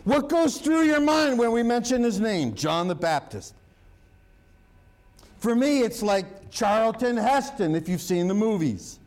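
High-voiced, unhurried joking preacher man. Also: sing-song, a little mellow. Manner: humorous, joke-telling preacher. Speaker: pastor. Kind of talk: sermon.

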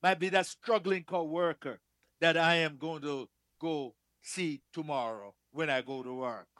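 In a church, a man preaches emphatically, repeating key phrases and swinging from loud declarations to soft asides. His voice sits on the high side and runs a little slow, in a dry, studio-quality recording.

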